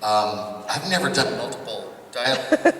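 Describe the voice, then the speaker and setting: Animated man in an echoey convention hall. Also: mid-range voice, a little slow, recorded from a distance, a little hiss or hum. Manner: animated and chatty, laughs often. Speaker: voice actor at a convention panel. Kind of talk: casual convention Q&A. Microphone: far camera in audience.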